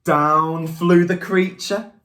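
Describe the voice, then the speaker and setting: A woman teacher who reads a picture book aloud to young children, asking coaxing questions and praising answers warmly. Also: on the low side, fairly even intonation, takes it slowly.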